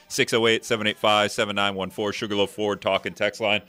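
A man's voice: fairly low pitch, little pitch movement, fairly quick, hardly any pauses, pushed and bright, soft background music. A man hosting a talk radio show, rambling through statistics and correcting himself as he goes. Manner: rambling, self-correcting, reading off numbers. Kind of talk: casual talk radio chat.

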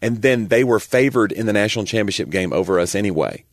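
A man's voice: lowish voice, expressive, fast talker, no echo. A man co-hosting a podcast, joking and reeling off sports stats in casual chat. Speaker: podcast co-host.

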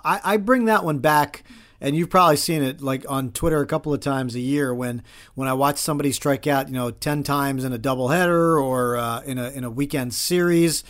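A man hosting an interview, asking relaxed questions and chatting along with his guest. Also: medium pitch, brisk. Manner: chatty, laughs along, many fillers. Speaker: interview host. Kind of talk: casual interview.

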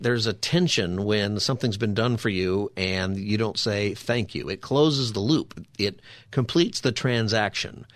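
A man's voice: mid-range voice, no room sound. Man, conversational bible teaching, chatty with rhetorical asides, dry close sound. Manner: chatty, asks rhetorical 'right?' and 'you know?' asides. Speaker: radio show host teaching scripture.

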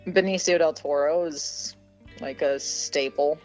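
A woman's voice: sits low, measured pace. A woman actress chats casually as a podcast guest, laughing often and keeping her next project under wraps. The sound is a little dull and lo-fi, with faint music beneath. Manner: warm, laughs often, guarded about upcoming work. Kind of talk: casual interview chat.

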